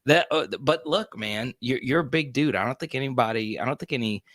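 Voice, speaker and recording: An upbeat man co-hosts a casual sports talk show with a bright, forceful voice. He talks quickly and often restarts his sentences. The sound is dry and close. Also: mid-range voice, no room sound.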